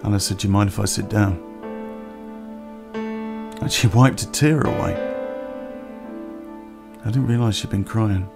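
A man telling a personal story on a podcast in a plain-spoken, unhurried way with pauses. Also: on the low side, gravelly, over music.

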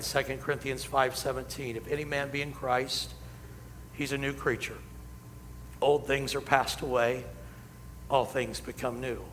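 A man preaching a sermon as pastor, building emphasis and slowing down on key lines. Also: medium pitch, sharp tone, slight background noise. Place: church sanctuary. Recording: hall reverb, faint ambience.

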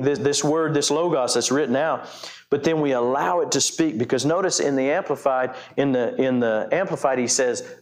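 A middle-aged male pastor preaching a conversational sermon, full of restarts, repetitions and rising emphasis. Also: medium pitch.

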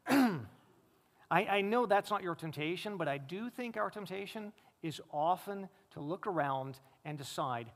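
Male pastor, high voice, emphatic sermon delivery, long hall reverb. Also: animated, measured pace. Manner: emphatic preaching, swings between loud rises and low, quiet stresses.

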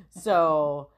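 A woman co-hosting a podcast, chatting casually about a film with frequent fillers and quick laughs. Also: on the low side, darkish tone. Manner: chatty, lots of fillers and swearing, laughs often. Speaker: podcast co-host.

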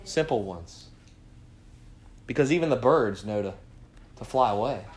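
A man leading a morning Bible study, preaching with lots of rhetorical questions and swinging from quiet asides to loud cries. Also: mid-range voice, a little slow. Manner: animated, fires rhetorical questions at the group.

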